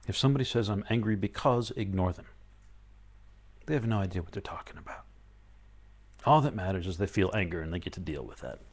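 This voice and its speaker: A man's voice: low-pitched, animated, brisk, pauses often, darkish tone. A man speaking firmly and earnestly to a live online audience as a spiritual teacher, acting out people's inner voices with rising emphasis.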